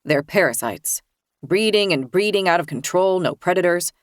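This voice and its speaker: A woman's voice: fairly low pitch, lively intonation, normal speed, no room sound, clean studio sound, lightly acted. Woman doing a cold, blunt husband. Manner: hostile, dismissive.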